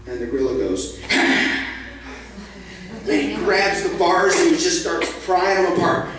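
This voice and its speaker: A man's voice: a little high, measured pace, background noise. Man telling a playful story in an echoey hall. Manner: playful, with sound effects and audience questions. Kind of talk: live storytelling to a family audience. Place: event hall with live audience. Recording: echoey hall, distant mic.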